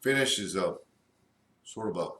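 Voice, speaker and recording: A man reviewing a cigar in a slow, halting way with many fillers. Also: deep voice, lively intonation, sharp tone, roomy sound. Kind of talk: casual review.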